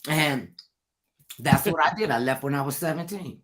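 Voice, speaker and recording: A woman hosting a casual talk show tells a lively story and acts out the voices of the people in it. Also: low voice, quick pace. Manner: animated, acts out quoted voices loudly.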